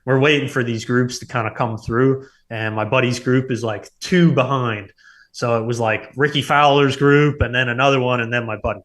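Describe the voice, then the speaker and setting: A man in his thirties, a former hockey player, telling stories in a relaxed, rambling way, full of filler words. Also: mid-range voice. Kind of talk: casual storytelling.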